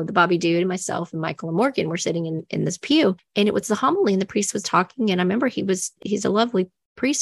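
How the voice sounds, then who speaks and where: A middle-aged woman with a low, gravelly voice hosts her own show. She talks in a chatty, rambling way, restarting and repeating herself. The sound is close and dry. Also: no room sound. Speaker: show host. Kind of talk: casual faith-based talk show monologue.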